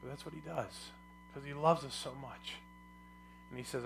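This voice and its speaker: A middle-aged pastor delivers a brisk sermon with fairly even intonation, going soft and low before building to loud, and prompting the congregation to call back.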